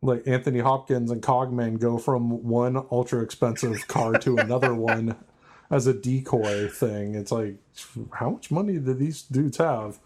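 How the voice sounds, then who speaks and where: A man's voice: medium pitch, steady tone, normal speed, few pauses, a little mellow. A man on a podcast panel, chatting casually and tossing out sarcastic quips with frequent laughs. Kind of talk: casual roundtable chat.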